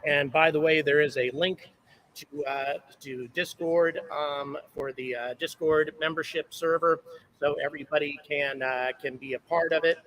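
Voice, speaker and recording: A man on a handheld camera setup with its own mic streams live from an outdoor launch viewpoint, chatting aimlessly, thanking people, and listing where they watch from. The audio is poor; his voice runs a little high, fairly bright, steady, and at normal speed.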